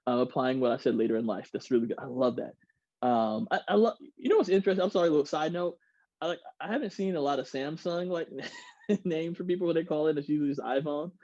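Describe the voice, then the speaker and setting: A man giving an energetic online workshop, reading out audience replies and laughing often. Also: on the high side, fast, no echo, muffled recording. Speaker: workshop speaker. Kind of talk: interactive online workshop talk. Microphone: video call.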